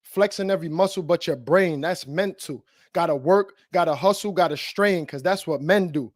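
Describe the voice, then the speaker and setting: A man's voice: a little high, moderate pace, no room sound, studio quality. A man performing a rhyming spoken word poem at a virtual open mic, with a rhythmic delivery. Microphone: video call.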